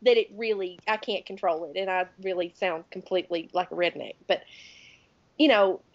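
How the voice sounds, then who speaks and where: A woman's voice: on the low side, no echo, dull audio. A woman of around thirty with a Southern US accent, co-hosting a podcast in casual, chatty conversation. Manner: chatty, talks louder and faster when excited. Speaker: podcast co-host. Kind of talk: casual chat.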